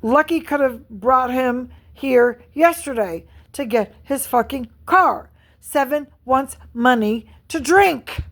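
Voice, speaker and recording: Middle-aged woman vlogger, slightly high voice, furious profane rant. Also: expressive, slow pace. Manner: angry, profane, repetitive venting. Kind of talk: ranting vlog monologue.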